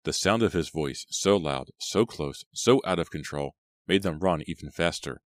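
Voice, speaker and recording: A man reading a horror audiobook in a steady, measured storytelling manner. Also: sits low, dry recording, clean studio sound. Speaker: audiobook reader. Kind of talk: scripted horror audiobook narration.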